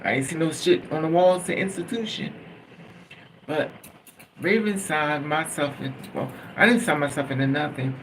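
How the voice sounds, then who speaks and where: A man with a slightly high, gravelly voice tells his story casually. He rambles, swears freely and keeps laughing at his own telling, with a faint hiss of noise behind him. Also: a bit bright, rough recording. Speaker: storytime vlogger.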